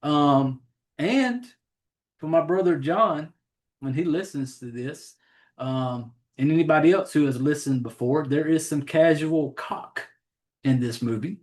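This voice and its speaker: A man's voice: a little high, unhurried, a little mellow. Southern man, podcast host, loose and profane, rambles, easygoing chat. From Southern United States. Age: adult, has a child. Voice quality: rambling, profane, self-deprecating about names. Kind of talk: casual chat.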